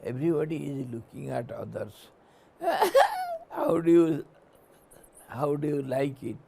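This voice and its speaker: A man giving a spiritual discourse, telling a story slowly and laughing often. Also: medium pitch, gravelly, slight background noise. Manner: laughs often, slow, animated. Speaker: spiritual teacher.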